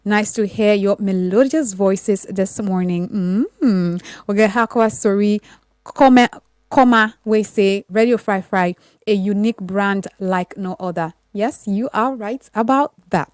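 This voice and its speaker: An effusive woman hosts a radio breakfast show. She reads listener comments in a relaxed, chatty way and keeps thanking her audience. Her voice sits at a middle pitch and sounds dry and close in the studio. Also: unhurried, clean tone, no echo. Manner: warm, effusive, repeats thanks often. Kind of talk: casual radio chat reading listener comments.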